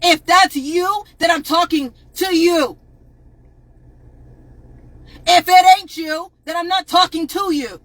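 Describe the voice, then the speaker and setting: Furious high-voiced woman ranting live. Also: measured pace, no room sound, rough recording. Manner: angry, profane, repeatedly shouting at viewers. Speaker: advocate on a livestream. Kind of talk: impassioned livestream rant.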